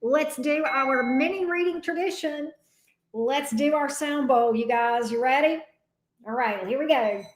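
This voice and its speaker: A woman's voice: sits high, a little slow, roomy sound. A woman with a Southern US accent hosting a live tarot stream, chatting casually and greeting viewers by name.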